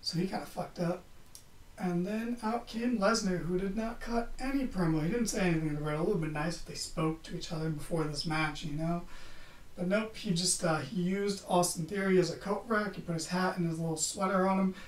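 A man's voice: high-pitched, a little fast. A man hosting a podcast, giving a casual, sarcastic wrestling recap and swearing freely. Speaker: podcast host. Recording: roomy, distant from the mic.

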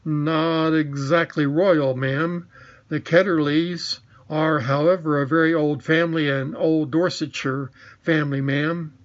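A man's voice: fairly high pitch, steady tone, a little slow, lo-fi sound, natural voice. Stammering, fawning old male magician, read by a man in a storybook.

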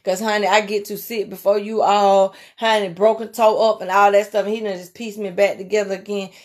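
A woman preacher gives an informal, folksy sermon, calling her listeners "honey" and drifting into soft, murmured prayer. Her voice is medium-pitched and level in tone, and she speaks fairly quickly.

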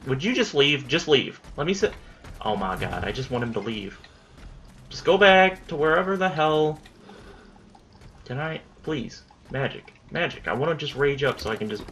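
A man's voice: mid-range voice, big pitch swings, moderate pace, pushed and bright, faint music behind. A young man giving casual commentary on his own gameplay, frustrated, swearing and muttering at the enemy.

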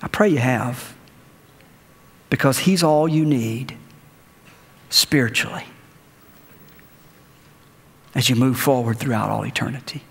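A man's voice: medium pitch, moderate pace, gravelly, long pauses. A man preaching a sermon as pastor, telling a story and leading the congregation in prayer. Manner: conversational preaching with anecdotes, ends in prayer. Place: church sanctuary. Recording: church hall reverb.

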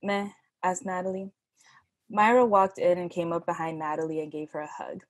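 A woman's voice: on the low side, brisk, no echo. Woman reading her own story, dry. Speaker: workshop writer. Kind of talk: reading own fiction aloud.

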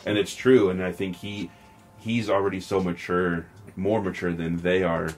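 A man's voice: deep voice, level tone, normal speed, soft background music. A man co-hosting a podcast, talking loosely about a film in casual chat and swearing freely. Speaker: podcast co-host.

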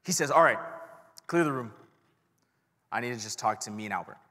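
A man's voice: medium pitch, lively intonation, fairly quick, sharp tone. A young man preaching a sermon, telling a personal story in a casual, self-deprecating way and talking straight to the crowd. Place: large church hall. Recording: long church hall reverb.

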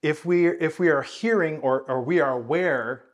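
A man teaching jazz bass in a video lesson, explaining thoughtfully with many hedges and counting and scatting rhythms aloud. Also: normal speed. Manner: thoughtful, hedging explanations with frequent "I think".

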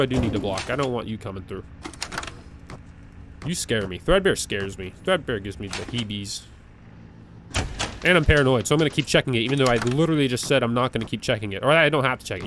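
A man giving live commentary as he plays a horror game. He is jumpy and nervous, repeats words in quick bursts and begs the game's enemies to go away. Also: medium pitch, a bit bright, a little hiss or hum. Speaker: gaming video creator. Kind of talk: live let's-play commentary.

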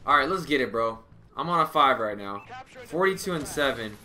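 A young man giving live commentary on his own gameplay, muttering callouts and bursting into frustrated yells. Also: mid-range voice, brisk. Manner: excitable, swings from muttering to yelling in frustration. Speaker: gamer streamer.

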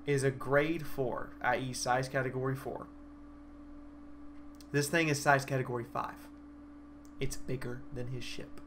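A young man excitedly recapping a live-action role-play battle in a vlog, a dramatic storyteller whose voice leaps up and down. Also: slight background noise. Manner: animated, dramatic storyteller with big swings in pitch and loudness.

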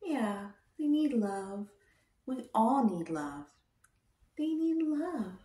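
A woman leads a toddler lesson in a bright, high voice that rises and falls a great deal as she coaxes the children. She speaks very slowly and asks gentle questions. The room around her gives a noticeable echo. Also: expressive, far from the mic. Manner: slow, sing-song, coaxing questions to a small child. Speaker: children's educator. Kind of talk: toddler lesson with sign language. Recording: roomy echo.

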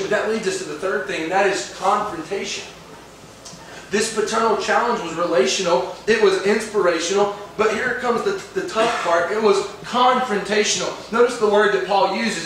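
High-voiced pastor preaching in an echoey church. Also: male voice, normal speed, fairly bright tone, a little hiss or hum. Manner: emphatic preaching, asks the congregation questions. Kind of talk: sermon. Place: church sanctuary. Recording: echoey church hall from far off.

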